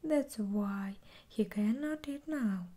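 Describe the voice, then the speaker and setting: Give me a whispered role-play of a doting, indulgent mother, voiced by a woman with a Russian accent, breathy and unhurried, a touch high. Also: dark tone.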